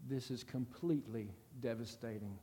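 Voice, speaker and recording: A man voicing a distraught young woman in a story he reads aloud, speaking low and hushed, with a long reverb. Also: takes it slowly. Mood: despairing.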